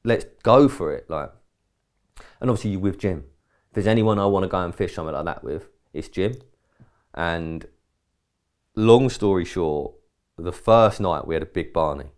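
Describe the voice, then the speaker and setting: A man from England talks in a very deep, low-pitched voice. He rambles through a casual podcast story, jumping into quoted dialogue and swearing now and then. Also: normal speed, long pauses, darkish tone. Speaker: podcast co-host.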